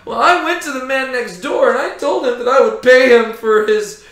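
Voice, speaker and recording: A man's voice: very high voice, moderate pace, a bit bright, pitched above the performer's own voice. A man voicing a self-pitying king who blubbers out his complaint, in a roomy space. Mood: sulky. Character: sulking, whiny king, adult man.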